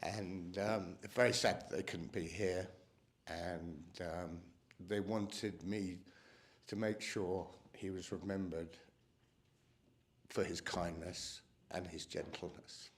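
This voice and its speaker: Man with a lowish voice, emotional, halting memorial tribute. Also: steady tone. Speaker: cousin giving a eulogy. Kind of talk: memorial speech. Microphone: microphone.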